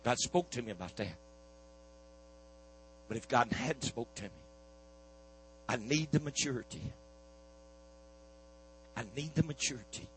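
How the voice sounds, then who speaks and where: A man's voice: mid-range voice, expressive, unhurried, pauses often, a little hiss or hum, poor audio. A man preaching a sermon, telling a healing story in a folksy back-and-forth of "I said, he said". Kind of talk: sermon testimony.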